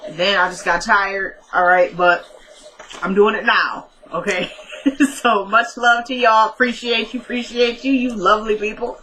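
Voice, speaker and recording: A woman's voice: mid-range voice, fairly even intonation, normal speed, sharp tone, slight background noise, low-quality recording. A young woman recapping a TV episode in casual chat, talking straight to her viewers and laughing often. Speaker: TV recap vlogger.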